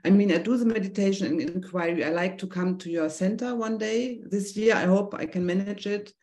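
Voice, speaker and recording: A woman's voice: mid-range voice, brisk, a little mellow. A middle-aged woman with a German accent, a native German speaker, hesitantly and nervously asking a teacher a personal question over a video call. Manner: hesitant, nervous, searching for words.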